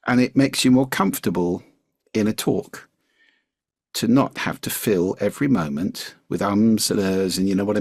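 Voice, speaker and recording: An older man, a podcast guest, explaining speaking skills in a measured, articulate way. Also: lowish voice, creaky, husky, dry recording, studio quality. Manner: measured, articulate, slips into demonstration voices.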